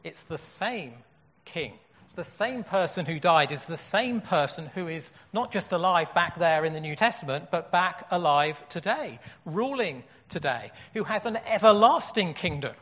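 A man's voice: fairly high pitch, lively intonation, measured pace, fairly bright tone. A man preaching a sermon in an earnest way, asking rhetorical questions. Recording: dull echoey hall.

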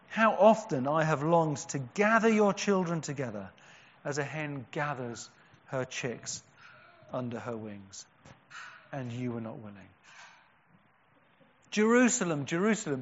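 Earnest preacher in a reverberant hall. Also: male voice, a little high, very animated. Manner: earnest, rising to emphatic cries and dropping to hushed, slow stresses. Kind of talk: sermon. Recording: dull sound with a long hall echo.

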